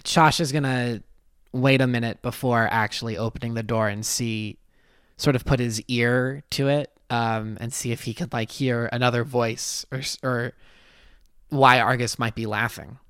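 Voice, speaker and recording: A man playing a tabletop role-playing game, describing his character's actions in a hesitant, halting way. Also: mid-range voice, steady tone, a bit bright, clean tone, no echo, clean studio sound. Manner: hesitant, halting, with many fillers. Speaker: player.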